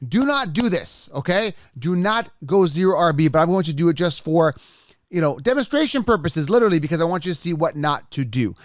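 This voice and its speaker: A man hosting a podcast in a casual, energetic way, repeating plugs and talking the listener through each step. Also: on the high side, fairly quick, no echo, clean studio sound. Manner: energetic, repetitive, salesy. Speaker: podcast host. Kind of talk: casual podcast talk with ad reads. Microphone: studio microphone.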